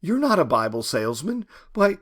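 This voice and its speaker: Man playing an indignant young woman, sharp, accusing, raised pitch, lively. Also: moderate pace.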